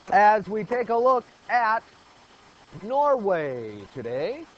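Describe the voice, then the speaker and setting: A man's voice: high-pitched, very animated, very slow, muffled recording, a little hiss or hum. A man teaching a geography lesson in a classroom, quizzing the students with call-and-response questions. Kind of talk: classroom lecture.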